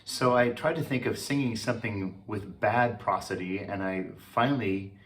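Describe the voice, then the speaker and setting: A man, a choral conductor, giving a relaxed and chatty talk, with many fillers and restarts. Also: fairly low pitch, moderate pace. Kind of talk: informal talk.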